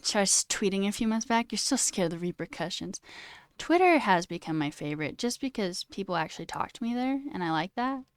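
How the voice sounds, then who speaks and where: A woman in her twenties who livestreams coding reads stream chat and chats casually, ranting animatedly, swearing and leaning heavily on "like." Her medium-pitched voice is brisk, clear and resonant, with clean studio sound and no echo.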